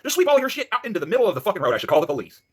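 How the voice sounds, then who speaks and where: Man, agitated vlog rant, rapid-fire and husky, pitch jumping all over, curses constantly. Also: huge pitch swings. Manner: profane, agitated, swings between shouting and muttering. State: worked up. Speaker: vlogger. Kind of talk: angry ranting vlog.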